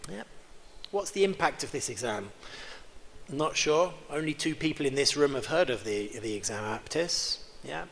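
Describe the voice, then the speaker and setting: A man's voice: on the high side, lively intonation, vocal fry, fairly bright tone. Man lecturing in an echoing hall. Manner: quizzes the audience with quick questions, joking. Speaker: keynote speaker. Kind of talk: interactive conference lecture. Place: large conference hall. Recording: reverberant hall with faint background hum.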